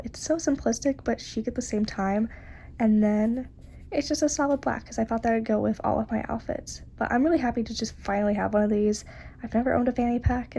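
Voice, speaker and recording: Young woman, chatty and upbeat, fairly high voice, faint background hum. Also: gravelly. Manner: bubbly, chatty, enthusiastic. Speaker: travel vlogger. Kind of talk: casual vlog narration. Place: cruise ship.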